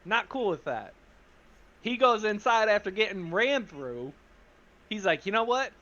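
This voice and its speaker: A man retells a tabletop game session in loose, casual slang and jumps into the characters' voices. His voice is high and bright, with wide swings in pitch. The audio is a bit dull. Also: big pitch swings, measured pace. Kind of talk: animated session recap.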